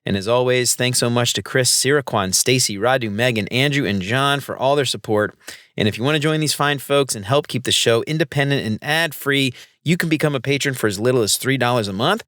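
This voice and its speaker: A man's voice: medium pitch, fairly quick, fairly bright tone, dry recording. Brief: male podcast host, easygoing and slangy, dry close mic. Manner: upbeat, laid-back, slangy. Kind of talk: casual podcast chat.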